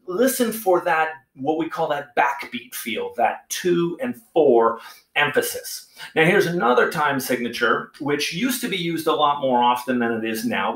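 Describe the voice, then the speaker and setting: A man's voice: on the high side, a bit bright. A male music teacher explaining a lesson patiently and counting beats aloud. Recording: echoey room.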